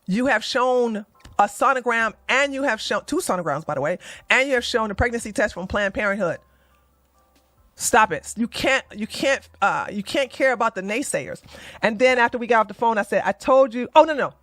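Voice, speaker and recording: A woman doing heated livestream commentary, blunt and animated, swearing and mocking as she swings from low muttering to loud outbursts. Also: normal speed, no echo. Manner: swears and mocks. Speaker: commentary streamer.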